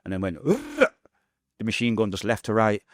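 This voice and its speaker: Fast-talking Mancunian man recounting vividly. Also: fairly low pitch, flat delivery, no room sound, clean studio sound. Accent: Mancunian English. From Manchester, England. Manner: fast, vivid storytelling with acted-out quotes. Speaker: guest. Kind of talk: podcast interview storytelling.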